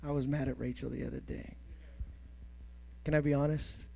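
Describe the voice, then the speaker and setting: A male pastor preaching a sermon emphatically, building to shouts and calling for responses from the congregation. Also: medium pitch, fairly even intonation, normal speed, vocal fry.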